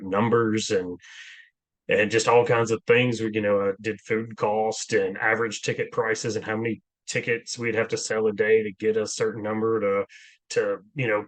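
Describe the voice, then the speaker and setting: A man who owns a food truck, a guest chatting casually in a relaxed, hesitant way with lots of fillers. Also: lowish voice, no room sound. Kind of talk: casual chat.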